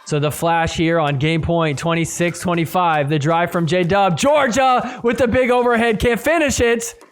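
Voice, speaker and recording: A man hosting a podcast, giving excitable play-by-play commentary over match footage and shouting at the big points. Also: high-pitched, normal speed. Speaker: podcast host.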